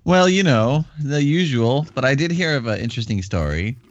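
Halting man on a dull mic. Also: medium pitch, expressive, dry recording. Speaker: podcast co-host. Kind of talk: casual chat.

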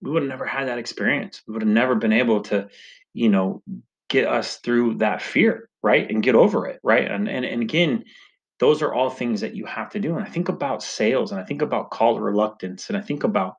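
A man's voice: medium pitch, fairly quick, creaky. A man, a father who coaches salespeople, telling a personal story in a casual, conversational way, often tagging "right?" and "you know". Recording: dull lo-fi sound.

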